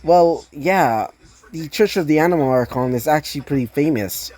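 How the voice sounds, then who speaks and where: Polite young traveler girl, as a woman reads her, easygoing, low and mellow. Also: normal speed, lightly acted. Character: friendly young female traveler.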